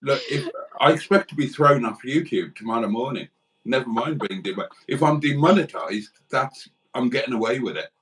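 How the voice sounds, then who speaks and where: A man's voice: medium pitch, expressive, brisk, fairly bright tone, rough recording. A man hosting a casual livestream, joking and bantering with his co-host.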